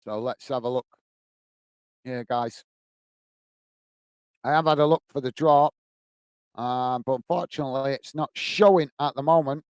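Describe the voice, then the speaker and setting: A man's medium-pitched voice moves a little slowly, with long pauses, as he hosts a football watch-along stream. He chats casually and reads out viewer comments to reply to them; the sound is clean and free of echo.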